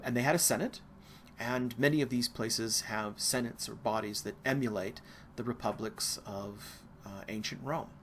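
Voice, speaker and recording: Casual American male lecturer, bright, rambling asides, faint hiss under the voice. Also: mid-range voice. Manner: casual, digressive, with asides and fillers. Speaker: art history lecturer. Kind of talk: recorded university lecture.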